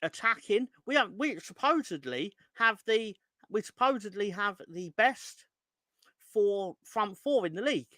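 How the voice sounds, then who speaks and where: A man's voice: sits high, lively intonation, measured pace, sharp tone, dry recording, studio quality. A young man hosting a fan live stream, ranting in an exasperated, sweary way and reading out chat hellos. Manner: exasperated, sweary, rising into angry outbursts. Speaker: fan channel host.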